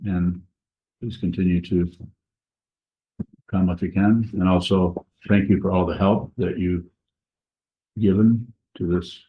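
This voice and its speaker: Deep-voiced man in an echoey hall. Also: fairly even intonation, slight background noise. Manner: slow, halting, many pauses and restarts. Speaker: Buddhist teacher. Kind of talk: Dharma talk. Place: monastery meditation hall. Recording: echoey, dull room recording.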